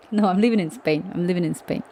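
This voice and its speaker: Her dark-toned, fairly low voice comes with slight background noise as she streams live coding from home. The woman, who has a non-native English accent, speaks casually but haltingly, groping for words with light laughter.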